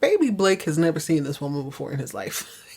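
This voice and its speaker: Give me a lowish-voiced woman host doing a sassy, casual episode recap. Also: gravelly, husky. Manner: sassy, chatty, many asides. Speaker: podcast host.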